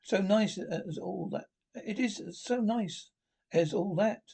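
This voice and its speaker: Brief: man reading as a shy young storybook mole, a bit higher, wondering and eager. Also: fairly quick, darkish tone. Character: shy, wide-eyed young male mole, new to the river.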